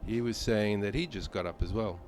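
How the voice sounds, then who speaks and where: Deep mellow-voiced man streaming a game. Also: brisk. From Malta. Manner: rambling, chatty, many fillers. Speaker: gaming streamer. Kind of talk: casual live-stream chat while gaming.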